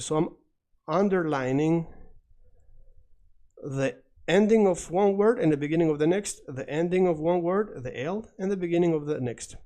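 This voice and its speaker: Middle-aged guy, spanish is his first language, teaching online, kinda high voice but mellow, chatty and energetic, repeats phrases over and over. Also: normal speed.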